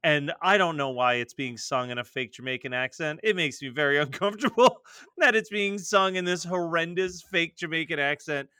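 A man in his thirties co-hosting a casual chat show, animated and swearing freely as he riffs. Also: fairly high pitch, normal speed, clear, resonant tone, no echo, studio quality. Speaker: podcast co-host.

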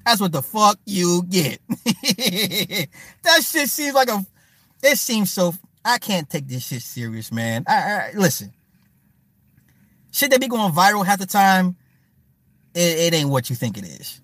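Man streamer, casual profane commentary, talks to chat, slightly high voice, dry close mic. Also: sing-song, a little slow, long pauses, a bit bright, no echo. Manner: loose, profane, joking; talks to viewers and chat by name. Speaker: livestream host.

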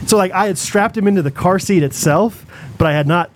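A man's voice: high voice, brisk, a little hiss or hum. Rambling young man telling a story. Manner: rambling, animated, lots of fillers and restarts. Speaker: podcast co-host. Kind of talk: casual storytelling chat.

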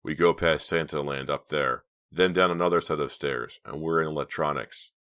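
A man voicing a curt, commanding teenage boy in a storybook reading, giving low clipped orders. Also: normal speed, fairly bright tone, smooth.

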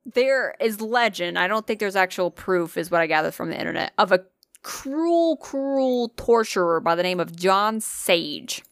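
A woman's voice: fairly low pitch, moderate pace, hardly any pauses, fairly bright tone, no echo, clean studio sound. A young woman co-hosting a casual podcast, telling ghost stories in a chatty way, swearing and laughing often. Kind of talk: casual chat.

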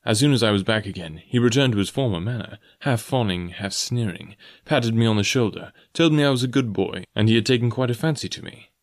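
A man reading an audiobook aloud in measured first-person narration. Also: lowish voice. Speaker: audiobook reader.

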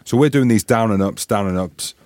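A man in his thirties, a former rugby player co-hosting a podcast, telling stories in a casual, animated, swearing style and acting out voices. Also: fairly low pitch, a little fast, dry recording. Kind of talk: casual storytelling chat.

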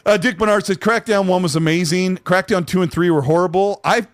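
Man hosting a podcast on a headset, animated and chatty, dry sound. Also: high voice, a little fast, no echo. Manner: animated, reads chat comments aloud. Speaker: podcast host. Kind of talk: casual podcast chat.

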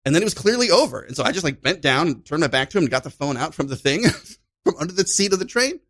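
Male storyteller, animated, acts out the voices in his anecdotes; pitch on the higher side. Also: fast talker. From Chicago. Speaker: podcast guest, improviser. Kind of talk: casual storytelling chat.

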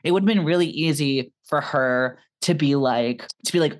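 A young woman co-hosting a film podcast, talking in an animated, articulate way, with lots of "like"s. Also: low voice, moderate pace. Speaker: podcast co-host. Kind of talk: casual film-podcast chat.

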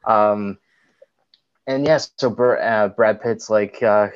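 A man's voice: lowish voice, fairly even intonation, takes it slowly, smooth, muffled recording. A young man co-hosting a podcast, recapping a film scene in a rambling way full of "like"s. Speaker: podcast co-host. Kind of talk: casual film chat.

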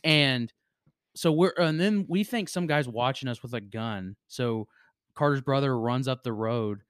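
A young man in his twenties, co-hosting a podcast, loosely telling rambling high school stories with many restarts. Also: a little slow, clear, resonant tone, dry recording, studio quality. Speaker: podcast co-host. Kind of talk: casual storytelling chat.

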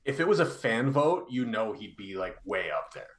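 A man appearing as a guest analyst on a hockey podcast, talking through plays in a measured, analytical way with many fillers. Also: lowish voice, sing-song. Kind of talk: casual hockey podcast chat.

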